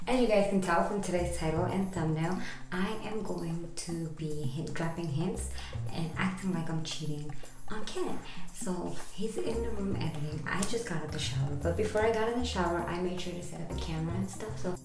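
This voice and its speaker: Woman vlogger chatting to her viewers, lowish voice, echoey room, loud music under it. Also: normal speed. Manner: chatty, speaks straight to viewers. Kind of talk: casual vlog intro.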